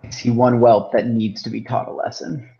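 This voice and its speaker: A man's voice: medium pitch, level tone, normal speed, warm tone, close to an everyday voice. Guy doing a blunt fighter, echoey dull sound. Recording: echoey, muffled remote mic.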